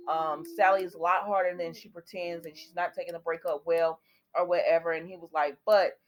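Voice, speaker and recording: A woman recapping a soap opera episode for her viewers in a chatty way, retelling the scenes and quoting what the characters say. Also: mid-range voice. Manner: talks directly to viewers.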